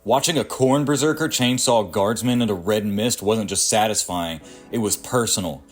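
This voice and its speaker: A man's voice: fairly low pitch, moderate pace, soft background music. A man in his thirties reading a scripted video essay about strategy games, sardonic and crude, with punchy asides. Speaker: gaming video creator.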